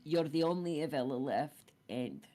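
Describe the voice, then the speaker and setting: A man's voice: on the high side, expressive, moderate pace, dark tone, natural voice. A man voicing an emotional young woman adventurer in a tabletop game, stammering and apologetic. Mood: tearful pleading. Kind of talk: roleplaying a tabletop game character.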